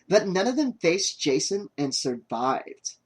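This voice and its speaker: A man's voice: sits high, sing-song, measured pace, breathy edge, heavily acted. A man voicing a short-tempered young woman filmmaker. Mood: exasperated. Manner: curt, exasperated. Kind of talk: audiobook character voice.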